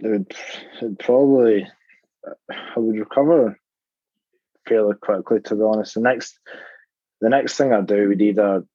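A man's voice: lowish voice, unhurried, pauses often, husky, dry recording, muffled recording. A male football player as a guest in a casual interview, plain-spoken and hesitant with lots of "like".

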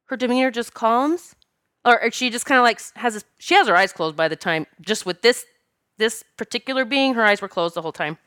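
A woman's voice: on the high side, animated, fairly quick, fairly bright tone, smooth, dry recording, studio quality. Earnest woman telling a spiritual story. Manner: emotional, earnest, with many restarts. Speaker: spiritual teacher and medium. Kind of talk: personal storytelling monologue.

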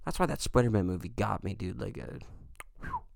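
A man with a low, gravelly voice hosts a casual solo podcast. He rambles between heartfelt sincerity and offhand jokes, leaning on fillers. The sound is dry and close, with no room around it. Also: very animated, fairly quick, darkish tone, no room sound. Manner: rambling, earnest and joking, lots of fillers. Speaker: podcast host.

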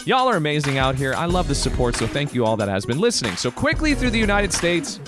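A high-voiced man hosts his podcast with a hyped, theatrical delivery. His pitch swoops up and down all over the place, and he often slides into sung or shouted lines. Music plays behind him. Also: very animated, fast. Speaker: podcast host. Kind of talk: casual podcast monologue.

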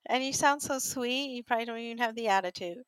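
Female show host, bright and a bit high, chatty and encouraging, dry close sound. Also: fast talker, clean tone, no room sound. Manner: chatty, encouraging, lots of fillers. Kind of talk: casual interview.

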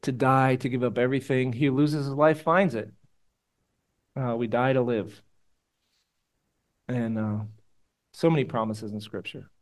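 A male pastor delivering a sermon, moving between loud exhortation and quiet, hushed prayer. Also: mid-range voice, fairly even intonation, measured pace, long pauses. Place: church room with congregation.

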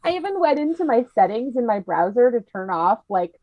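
A woman's voice: a little high, sing-song, brisk, no echo, highs cut off. A woman co-hosting a podcast in casual chat, chatty and giggly as she quizzes her co-host.

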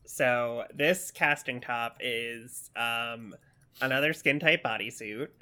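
Bright-voiced man describing outfits. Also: medium pitch, takes it slowly, clean tone. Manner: descriptive, hesitant with many ums. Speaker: podcast co-host. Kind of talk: casual podcast chat.

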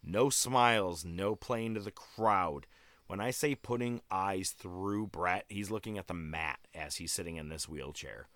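Low-voiced guy riffing casually, swears a lot, dry close sound. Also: unhurried, no room sound. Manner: profane, animated storytelling with quoted voices. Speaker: podcast host recapping wrestling. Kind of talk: casual chat.

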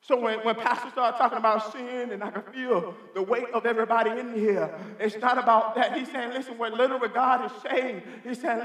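A man's voice: very high-pitched, steady tone, brisk, few pauses, fairly bright tone. A man preaching a sermon in a church sanctuary, fervent and emphatic, calling out hallelujah and amen. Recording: reverberant church hall.

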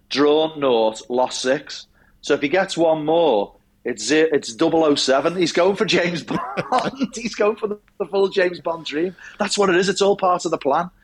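A man co-hosting a casual podcast, full of jokey, mocking banter. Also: on the high side. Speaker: podcast co-host.

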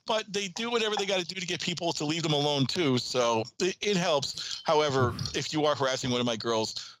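A man, an archery coach guesting on a podcast, telling stories in animated casual chat and laughing often. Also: on the high side, brisk, a little hiss or hum, poor audio.

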